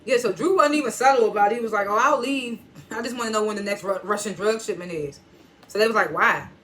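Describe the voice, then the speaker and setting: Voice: mid-range voice, fast talker, pushed and bright, slight background noise. A TV reviewer in AAVE, casually recapping an episode, retelling scenes line by line and chuckling at the twists. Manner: storytelling, quotes characters with "he was like"; chuckles and reacts while retelling.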